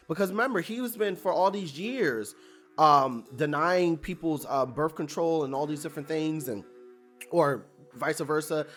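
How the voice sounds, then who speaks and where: This recap reviewer has a higher, fairly bright voice as he chats his way through a TV episode. His retelling is loose and full of fillers, and he acts out what the characters say as he goes.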